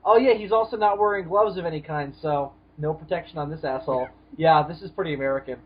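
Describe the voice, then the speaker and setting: A man's voice: a little high, fast, husky, highs cut off. A man co-hosting a comedy podcast, riffing and swearing as he rates pictures. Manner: animated, swearing, rating pictures with jokes. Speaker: podcast co-host. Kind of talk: casual comedic banter.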